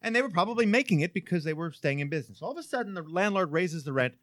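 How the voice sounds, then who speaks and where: Animated, high-voiced talk radio host. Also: male voice, very fast, no room sound, studio quality. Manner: animated, swearing, rambling storyteller. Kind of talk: casual talk radio banter.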